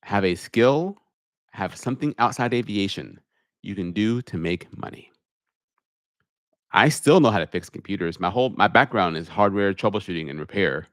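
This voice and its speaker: A man, an airline pilot, hosting a live question-and-answer stream from his home media room, reading viewer questions aloud and answering them in a deliberate public speaking voice into a studio microphone. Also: lowish voice, lively intonation, no echo. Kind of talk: live Q&A stream, casual chat. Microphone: studio microphone on a holder.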